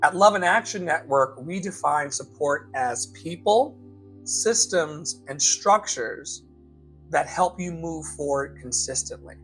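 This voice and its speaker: A man coaching his listeners in a live motivational talk, repeating key lines slowly for emphasis and calling them beloved. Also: a little high, expressive, fairly bright tone, soft background music, poor audio. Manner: emphatic, slow repetitions for effect. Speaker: life coach and show host.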